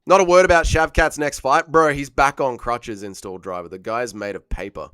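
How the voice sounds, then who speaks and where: A man's voice: medium pitch, steady tone, moderate pace, fairly bright tone, clear, resonant tone, no room sound, studio quality. A man, hosting a casual fight watch-along stream and joking crudely as he reads chat aloud. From Australia. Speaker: livestream host.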